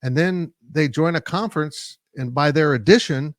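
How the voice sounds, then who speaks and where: A male sports analyst discussing college football in a measured, analytical way, with frequent "uh" fillers. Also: fairly high pitch, no room sound, studio quality. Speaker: sports site publisher and analyst.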